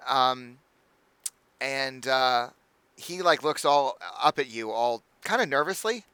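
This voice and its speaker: A man's voice: mid-range voice, expressive, slow pace, pushed and bright, clean tone, dry recording. A man narrating as game master of a tabletop game, casual and rambling with many fillers.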